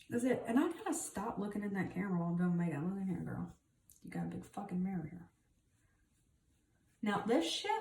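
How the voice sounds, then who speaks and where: A woman's voice: mid-range voice, creaky, a little mellow, slight background noise. Chatty woman in a roomy space. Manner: chatty, blunt, swears freely. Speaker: beauty vlogger. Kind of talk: casual makeup tutorial chat. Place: home room with rain outside. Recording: roomy, distant camera audio.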